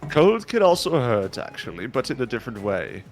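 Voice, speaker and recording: Man, tabletop player, animated, joking, mid pitch, faint music. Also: brisk. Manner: joking, explaining patiently. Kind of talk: casual tabletop play.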